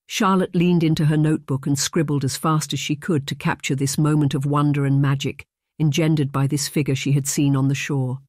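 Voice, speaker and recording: Measured audiobook narrator, dry close sound. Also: mid-range voice, level tone, a little mellow, no echo. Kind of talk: scripted narration.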